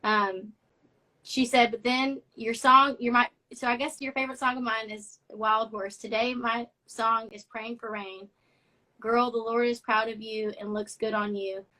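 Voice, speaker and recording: A young woman with a drawl hosts a casual live stream and reads fan messages aloud. Her voice is bright and a little high. She talks in a chatty, effusive way. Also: little pitch movement, unhurried, rough recording. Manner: chatty and effusive, gets emotional reading notes. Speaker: host of a live social media show.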